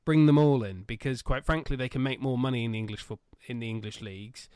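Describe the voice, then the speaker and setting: A man co-hosting a casual football podcast, talking animatedly with loud bursts, swearing and laughing at his own jokes. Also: medium pitch, fairly even intonation, fast, clean tone, no room sound, clean studio sound. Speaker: podcast co-host.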